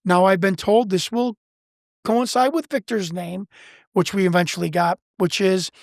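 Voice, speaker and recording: A man from Chicago, a guest researcher, telling a story in an animated way, full of restarts and acted-out quotes. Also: sits high, moderate pace, vocal fry, no room sound, clean studio sound. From Chicago, United States.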